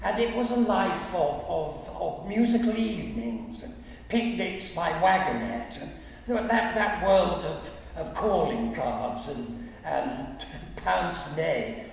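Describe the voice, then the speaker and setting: A man's voice: on the high side, vocal fry. A man from England giving an anecdotal talk, chuckling through his stories and slipping into quoted and sung snatches. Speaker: guest speaker. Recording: echoey hall, mic far off, faint hum.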